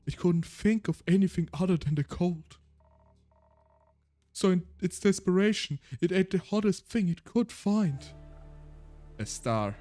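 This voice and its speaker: A man's voice: high voice, animated, unhurried, pauses often, dark tone, soft background music. A man streaming a game, chatting casually and reading its text aloud, laughing often and tripping over his words.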